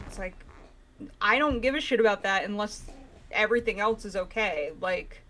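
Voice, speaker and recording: A woman in casual podcast chat, ranting with animated exasperation. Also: mid-range voice, moderate pace, slight background noise.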